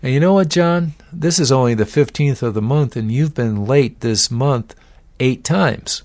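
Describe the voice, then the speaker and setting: A man's voice: medium pitch, measured pace, darkish tone, no room sound, close to an everyday voice. A man acting out a stern male boss who bluntly scolds a worker, repeating the worker's name as he lectures.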